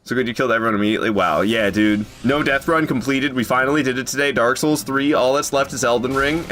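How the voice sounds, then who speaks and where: A man streaming a video game, chatting casually with his viewers and joking, who jumps into high yelps when something surprises him. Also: fast talker, hardly any pauses, fairly bright tone, soft background music. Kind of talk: casual live gameplay commentary.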